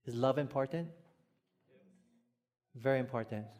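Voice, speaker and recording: A pastor from Hawaii, speaking with a Hawaiian accent, preaches a sermon by telling stories, frequently posing questions to the congregation and laughing at his own jokes. His mid-range voice is a little mellow and moves at a measured pace.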